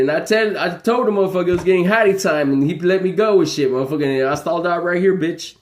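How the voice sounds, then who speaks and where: A man's voice: high voice, fast talker, few pauses, echoey room. A man rambling on a livestream, swearing constantly and laughing between heated stories. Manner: profane, animated, laughing storyteller. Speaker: livestream host.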